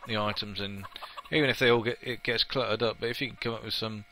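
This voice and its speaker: Chatty man with a sharp, bright voice. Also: fairly low pitch, fairly even intonation, fast talker, a little hiss or hum, poor audio. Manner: chatty and opinionated, with frequent laughs and playful asides. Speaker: let's play gamer. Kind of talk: casual gameplay commentary.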